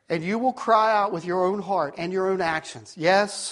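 A man in his fifties preaching a sermon, telling a story with self-deprecating asides and swinging from shouts to near-whispers. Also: high voice, a little slow, hardly any pauses. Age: 50s. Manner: animated storytelling, rising to shouts at peaks, dropping to near-whispers. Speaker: pastor.

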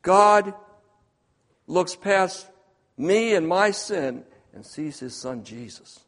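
A man preaching a sermon, swinging between hushed, quiet passages and loud, emphatic ones. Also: high voice, expressive, slow, big-room sound.

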